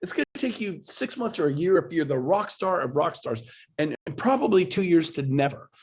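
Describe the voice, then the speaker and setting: Gravelly, husky man coaching with punch. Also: fairly high pitch, very animated, a little fast, darkish tone. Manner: emphatic, pushy, builds to exclaiming. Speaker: real estate coach. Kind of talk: motivational webinar talk. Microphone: video call.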